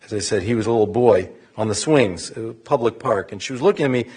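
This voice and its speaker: A man's voice: lowish voice, darkish tone, husky. A man officiating a funeral, reading scripture in Hebrew and English and then telling a story in a eulogy. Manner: reads Hebrew quickly, then English with measured solemnity.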